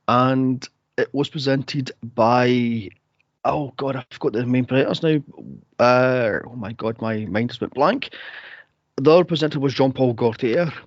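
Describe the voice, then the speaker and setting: In a casual movie review chat, this podcast co-host speaks in a mid-range voice, laughing and wandering off on asides as he talks animatedly. The audio has no echo and sounds dry, dull and lo-fi.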